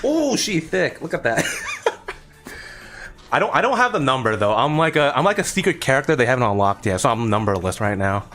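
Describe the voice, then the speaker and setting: A man's voice: mid-range voice, lively intonation, quick pace, hardly any pauses, a bit bright. A young man streaming, chatting casually to his viewers while reviewing snacks at a table at home, rambling and playful.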